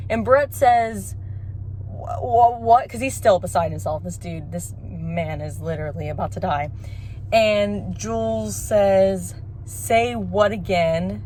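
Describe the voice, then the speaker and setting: A woman's voice: mid-range voice, darkish tone, rough recording. A young woman from Texas, gushing about a movie in a casual review while she drives. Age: young adult. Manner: gushing, enthusiastic storyteller. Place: in a car while driving. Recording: car road noise behind.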